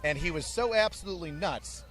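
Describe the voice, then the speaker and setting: A man's voice: fairly high pitch, fairly quick. A man who works as an army drill sergeant, telling blunt, joking stories in an interview. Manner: animated, blunt, joking storyteller. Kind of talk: storytelling in an interview.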